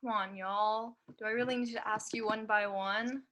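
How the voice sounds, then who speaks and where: A young woman teaching debate online, briskly reading out a practice speech in a drill-like list and then checking in with her students. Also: mid-range voice, steady tone, a bit bright. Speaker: debate camp instructor.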